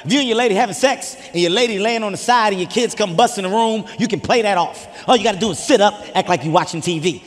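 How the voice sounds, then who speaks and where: A male stand-up comedian, brash and profane, shouting his punchlines in a live set. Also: high-pitched, fast talker, few pauses, slight background noise.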